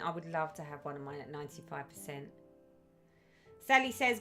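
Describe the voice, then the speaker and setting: A woman's voice: mid-range voice, expressive, moderate pace, a bit bright, faint music behind. A woman hosting a casual live stream, chatting and reading out viewers' comments with effusive sympathy.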